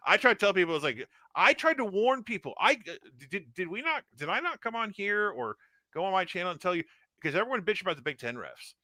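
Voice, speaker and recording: A man co-hosting a casual postgame livestream, talking fast and loose with lots of swearing and laughter. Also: high voice, no room sound. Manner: animated, swearing, laughing, mimicking people. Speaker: livestream co-host.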